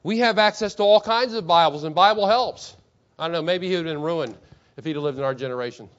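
A pastor preaching to his congregation, asking many rhetorical questions and reading quotations slowly with emphasis. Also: on the high side, a bit bright, muffled recording. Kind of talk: sermon.

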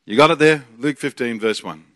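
A man's voice: mid-range voice, fairly quick, a bit bright, no room sound, studio quality. An Australian man in his forties, a guest pastor preaching a chatty, joking sermon with bursts of energy.

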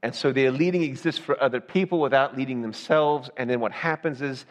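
A man's voice: medium pitch, a little fast. Man preaching in a reverberant hall. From Southern United States. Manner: conversational, keeps asking the congregation "right?". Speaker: pastor. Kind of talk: sermon.

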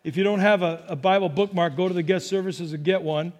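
A male pastor preaches to his congregation with a strikingly high voice. He speaks earnestly, often doubling a word as he gathers a phrase. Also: fairly even intonation, brisk. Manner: earnest, repeats words when starting phrases. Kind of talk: sermon. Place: church service.

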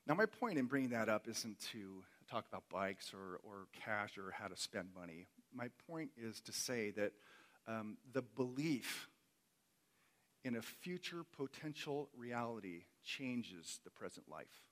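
A man's voice: lowish voice, animated, measured pace, fairly bright tone. A man preaching a sermon as a pastor, earnest and emphatic, repeating key words for weight.

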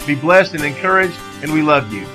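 A man, the lead pastor, giving a steady, welcoming intro to a recorded message. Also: on the high side, fairly quick. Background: guitar music.

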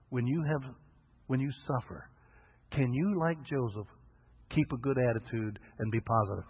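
A man's voice: medium pitch, breathy edge. A man preaching a sermon as a pastor, telling folksy stories and acting out the voices of the people in them. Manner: folksy storytelling, acts out quoted voices. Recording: tinny phone-like radio broadcast.

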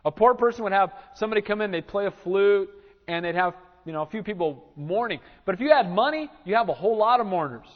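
High-voiced man preaching in a reverberant hall. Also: fast. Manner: animated preaching, acts out Bible scenes. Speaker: pastor. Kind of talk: sermon. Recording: reverberant church hall, dull lo-fi sound.

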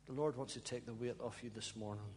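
A male pastor preaching and praying, pleading with his congregation, now and then breaking into soft laughter and sighs. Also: medium pitch, fairly even intonation, quick pace. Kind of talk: emotional sermon and prayer. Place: church hall. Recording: long church reverb, faint hum.

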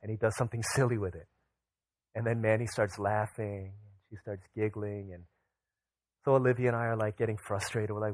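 A man's voice: fairly low pitch, steady tone, a little fast, darkish tone, dry recording. Storytelling young man preaching a sermon. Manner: storytelling, acting out his children's voices. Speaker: pastor.

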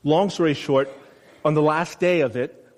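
A man delivering a conversational sermon. He asks the congregation questions and acts out the quotes he reads. His voice sits a little high, and it rings with the long reverb of a big church hall. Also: moderate pace. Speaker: preacher. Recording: long reverb of a large room.

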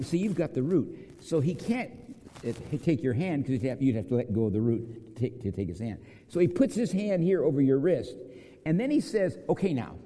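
A man preaching a sermon, telling a parable and acting out the quoted lines as he goes. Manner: storytelling with acted quotes, lively pitch swings. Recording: long hall reverb.

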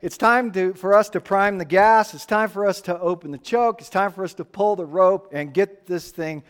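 Animated high-voiced male preacher. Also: moderate pace, smooth. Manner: animated, emphatic preaching with playful acted-out voices. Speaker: pastor. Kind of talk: sermon.

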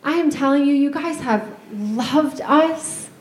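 A pastor's wife, crying, gives a heartfelt farewell address to her church in a high voice at a slow pace. Her tearful words echo through the church sanctuary.

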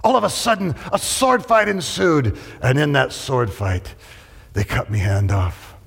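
A man voicing a gruff old male pirate with a stage pirate accent, growling his words. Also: mid-range voice, expressive, a little slow, a bit bright, full character voice. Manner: growling "arr" pirate talk. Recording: long hall reverb.

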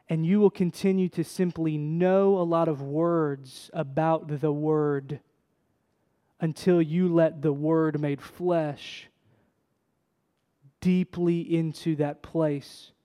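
Guy preaching a sermon, kinda high voice, goes from hushed to big and loud, long echo of a big hall. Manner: impassioned, swings from hushed to loud emphasis. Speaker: pastor. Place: church sanctuary. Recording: long reverb of a large hall.

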